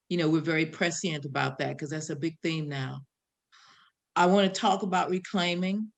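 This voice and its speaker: An older woman from the Midwest with a South Side Chicago accent, hosting a panel in a reflective, riffing way with pauses. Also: low-pitched, vocal fry. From American Midwest. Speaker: host.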